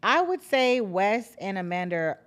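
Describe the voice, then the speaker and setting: A woman's voice: mid-range voice, big pitch swings, measured pace, clear, resonant tone. A young woman hosting a casual reality-TV recap, blunt, profane and sarcastic in her commentary. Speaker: podcast host recapping reality TV.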